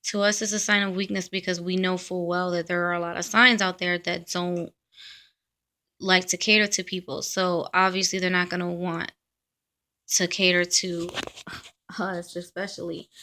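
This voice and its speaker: A woman's voice: fairly low pitch, level tone, moderate pace, bright, forceful tone. A woman vlogger talking bluntly to camera in a casual, ranting monologue.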